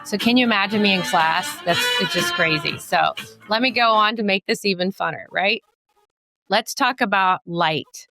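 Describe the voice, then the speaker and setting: A woman optometrist and professor explaining eye science in a jokey, teacherly way, full of quick asides and wordplay. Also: medium pitch, bright, forceful tone, faint music behind. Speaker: optometrist and professor giving a guest lecture. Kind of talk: playful explanatory talk to a host.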